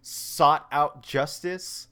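A man's voice: on the high side, fairly even intonation, extremely slow, sharp tone, clear, resonant tone. A man talking casually about comics, rambling with lots of fillers and restarts. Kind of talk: casual comic book discussion.

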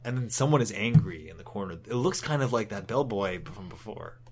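A man's voice: fairly low pitch, animated, fairly quick, a crowd in the background. Rambling, cursing male podcast co-host. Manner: rambling, swears, acts out quotes. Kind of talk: casual chat recapping a comic.

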